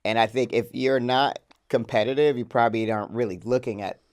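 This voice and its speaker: Male podcast co-host, mid-pitched, rambling and casual, many fillers. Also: fairly even intonation, brisk. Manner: loose, rambling, with lots of fillers and laughs. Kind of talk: casual chat.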